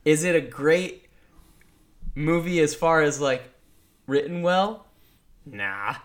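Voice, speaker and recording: A man's voice: a little high, slow. A man co-hosting a podcast, chatting casually and ranting with plenty of swearing. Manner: profane, animated ranting. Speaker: podcast co-host. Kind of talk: casual chat.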